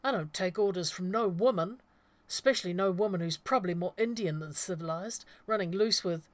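A woman voicing a blustering small-town male bank teller in an audiobook, with a loud, high, drawling delivery. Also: a little fast, no echo, lightly acted. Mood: sneering.

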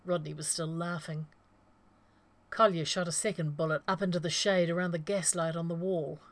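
A woman narrating a story aloud in an even, steady way. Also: fairly low pitch, normal speed.

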